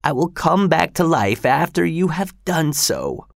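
Man doing a weak breathy dying old man, raised pitch, slow drawn-out words, storybook reading. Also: animated, no echo, clean studio sound. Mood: urgent, weak. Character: dying old father, weak-voiced, strange and proud.

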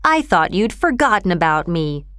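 A woman's voice: lowish voice, very animated, moderate pace, fairly bright tone, no echo, clean studio sound. A woman voicing a grumpy grown man, a railway porter who speaks curtly. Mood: sulky. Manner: curt, sulky.

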